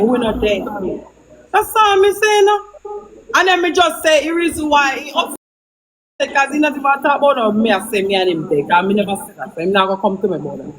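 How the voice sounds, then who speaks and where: Brief: Jamaican woman, high voice, heated defensive live-stream rant, faint hiss behind. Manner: agitated, repetitive, defensive. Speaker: livestreamer.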